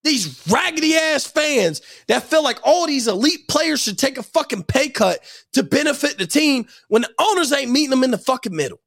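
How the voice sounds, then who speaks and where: A man's voice: extremely high pitch, animated, normal speed, creaky, fairly bright tone. A young man giving an angry, profane sports rant, emphatic and heated. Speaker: sports commentator.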